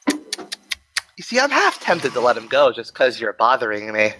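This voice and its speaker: A man's voice: mid-range voice, wildly swooping pitch, a little slow, noisy background. A man voicing Death as a weary, condescending male figure in a tabletop game.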